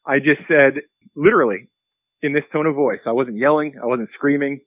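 A pastor being interviewed, telling a long story earnestly and acting out the quotes. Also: male voice, mid-range voice, moderate pace, a bit bright, dry recording, lo-fi sound.

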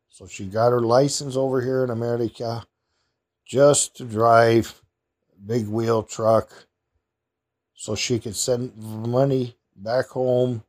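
A man's voice: mid-range voice, a little mellow. Man rambling through a heartfelt story. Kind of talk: casual storytelling.

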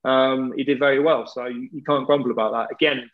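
A man's voice: medium pitch, fairly even intonation, brisk. A man, a former footballer, telling stories in a casual, laddish way and swearing freely. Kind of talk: casual storytelling. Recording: dull lo-fi audio.

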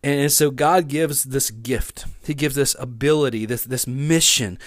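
A man's voice: mid-range voice, a little slow, dry recording, studio quality. A man preaching a sermon, reading scripture aloud with expression and talking to his listeners in an easy, conversational way. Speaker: pastor.

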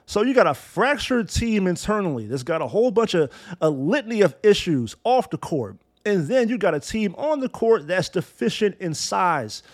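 High-voiced, profane sports ranter. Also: male voice, sing-song, moderate pace. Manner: blunt, profane, sarcastic with long lists of insults. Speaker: sports podcast host.

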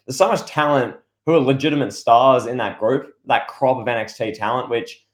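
A man co-hosting a casual wrestling podcast, talking in a rambling, excitable way with lots of restarts. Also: medium pitch, moderate pace. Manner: rambling, excitable, full of restarts and playful impressions. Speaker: podcast co-host.

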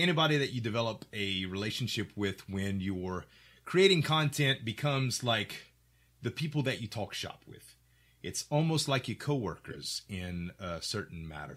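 A middle-aged man talks shop on a casual podcast, speaking in a clear, articulate way. His voice sits a little low but has a bright, forceful edge. He tells stories with energy, slipping into voices for the people he quotes. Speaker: podcast host.

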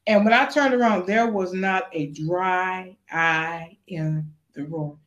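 An actress being interviewed, telling stories in a lively, animated way and acting out the voices of the people she quotes. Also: slow, dull audio. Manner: acts out quotes with big pitch jumps. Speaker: actress guest. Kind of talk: animated storytelling.

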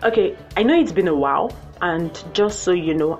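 A young woman hosting her own podcast in a playful, animated way, jumping to high excited exclamations. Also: normal speed. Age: young adult. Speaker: podcast host. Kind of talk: casual solo podcast chat. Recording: muffled lo-fi with faint music.

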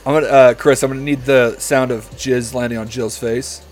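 A man's voice: mid-range voice, steady tone, normal speed, a little mellow, faint music behind. A man hosting a comedy podcast, reading a story aloud and often breaking into giggles.

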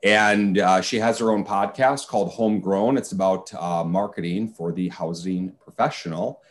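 A man hosting a podcast interview, speaking in a halting way with lots of filler words. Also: sits low. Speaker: podcast host. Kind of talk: casual interview chat.

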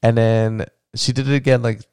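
A man's voice: mid-range voice, flat delivery, normal speed, darkish tone, clear, resonant tone, dry recording, clean studio sound. A man hosting a casual solo podcast, rambling and heartfelt, with many fillers, and tender and emotional when he talks about his child. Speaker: podcast host.

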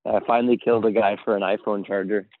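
A man's voice: lowish voice, little pitch movement, quick pace. A man chatting loosely as a podcast guest over a grainy remote line, laughing often. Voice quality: tinny, grainy audio. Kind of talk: casual chat. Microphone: remote call line. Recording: tinny phone-like remote call.

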